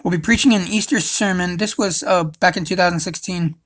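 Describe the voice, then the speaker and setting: A man's voice: high voice, steady tone, fairly quick, a bit bright. A young man hosting a casual livestream, rambling and swearing, calling everyone dude. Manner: rambling, profane, says dude a lot. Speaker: livestream host.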